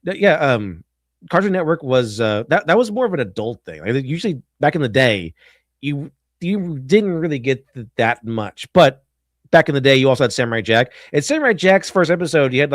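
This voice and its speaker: A man's voice: mid-range voice, sing-song, brisk, no echo, clean studio sound. A man streaming, giving rambling casual commentary on a video he is watching, often restarting his sentences.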